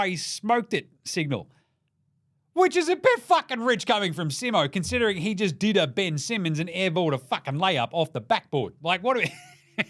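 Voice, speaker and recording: A man's voice: high voice, fairly bright tone, no room sound, studio quality. A young Australian man hosting a casual basketball podcast, irreverent and sweary, joking through the day's results. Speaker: NBA podcast host. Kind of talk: casual sports commentary.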